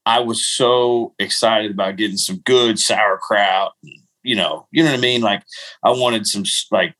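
A man's voice: fairly low pitch, a little slow, fairly bright tone, low-quality recording. Self-mocking man telling road stories. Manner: rambling, self-mocking, laughs at himself. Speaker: podcast host. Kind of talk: casual storytelling chat.

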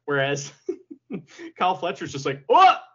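A man's voice: mid-range voice, animated, moderate pace, fairly bright tone, dull audio. A man co-hosting a podcast in casual chat, who laughs a lot and acts out quotes in silly voices. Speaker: podcast co-host.

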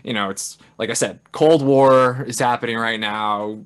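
Man, podcast co-host, relaxed and profane plot recap. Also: medium pitch, normal speed, clean tone. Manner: loose and profane, acts out characters' lines. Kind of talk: casual film recap chat.

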